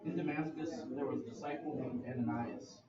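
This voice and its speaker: A man's voice: medium pitch, steady tone, brisk, a loud crowd. A man in a study group reading a scripture passage aloud, steadily with small slips. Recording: lo-fi, distant and roomy.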